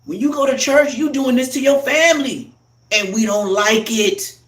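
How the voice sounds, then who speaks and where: A man doing a loud, profane, heated comic rant as a live streamer, recorded in an echoey room. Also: very high voice, moderate pace, recorded from a distance.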